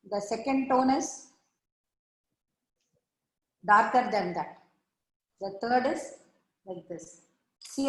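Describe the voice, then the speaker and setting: Woman, art teacher, patient step-by-step, slightly high voice, echoey room on a video call. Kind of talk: online art class demonstration.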